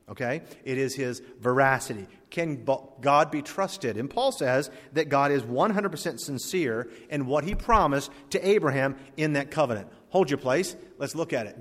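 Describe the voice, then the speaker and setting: A man preaching a sermon as pastor, rising to emphatic peaks and slowing down to read scripture aloud. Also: medium pitch. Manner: preaching with emphatic swells and slow, drawn-out scripture reading. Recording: long hall reverb.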